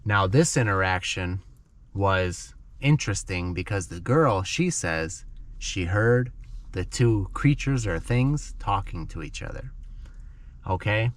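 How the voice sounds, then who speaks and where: A man's voice: low voice, lively intonation, takes it slowly. A man teaching English to learners by telling a dramatic story in simple words, often checking in with "okay?".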